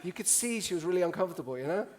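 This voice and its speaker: A man tells funny stories from a stage with lively, joking energy. He slips into other people's voices as he goes, and his voice sits a little higher than most men's. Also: very fast, some chatter behind. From Italy. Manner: animated, joking, acts out voices. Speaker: conference speaker. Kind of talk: humorous storytelling talk. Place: stage before a live audience.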